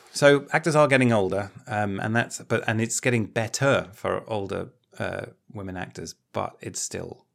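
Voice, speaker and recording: A man's voice: fairly low pitch, gravelly, fairly bright tone. A man co-hosts a podcast in an easy, chatty way. He explains his points thoughtfully and often qualifies what he says. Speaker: podcast co-host. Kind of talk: casual chat.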